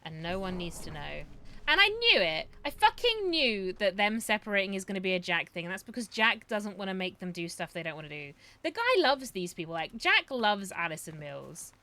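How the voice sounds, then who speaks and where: A young woman streaming live, giving casual, excitable, profane commentary on her game and talking to her chat. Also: medium pitch, a little fast, hardly any pauses.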